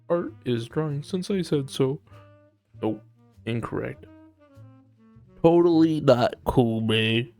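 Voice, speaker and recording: A man chats to his stream as he works, cursing freely and throwing out mock threats. His pitch jumps around a lot while his pace stays slow. Faint music plays behind him. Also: animated, darkish tone. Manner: profane, mock-aggressive joking with big swings in pitch. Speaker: live streamer. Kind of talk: casual live-stream chatter while sculpting.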